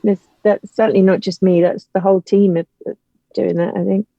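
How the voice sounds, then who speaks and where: A woman's voice: mid-range voice, flat delivery, a little fast, creaky, no echo, dull audio. A woman from Liverpool with a toned-down Liverpool accent, chatting animatedly as an interview guest and breaking into laughter and asides. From Liverpool, England. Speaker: guest, writer and actor. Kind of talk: casual interview chat.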